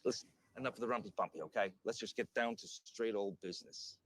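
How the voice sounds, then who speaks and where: A man playing a brash tycoon in an improvised comedy sketch, boastful and quick to cut others off. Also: on the low side, low-quality recording.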